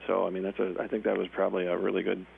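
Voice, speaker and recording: A man's voice: low-pitched, completely flat delivery, very fast, gravelly, phone-quality sound, a little hiss or hum. A man co-hosting a radio talk show, chatting casually with the teacher. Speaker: radio co-host. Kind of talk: casual chat.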